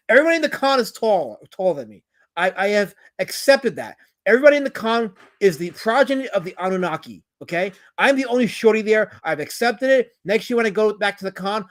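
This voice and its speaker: A man hosting a casual livestream. He rambles, jokes, swears and reads viewers' comments aloud, and he sounds tired. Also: high-pitched. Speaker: livestream host.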